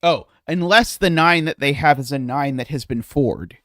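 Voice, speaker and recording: A man streaming a puzzle solve, thinking aloud in a hesitant, muttering way with many filler pauses. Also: fairly high pitch, pushed and bright, no echo, clean studio sound.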